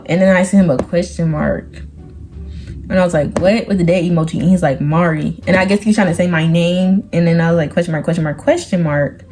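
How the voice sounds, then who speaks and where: A teenage girl chatting through a storytime vlog, animated, quoting people by lowering or raising her voice. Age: teens. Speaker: vlogger.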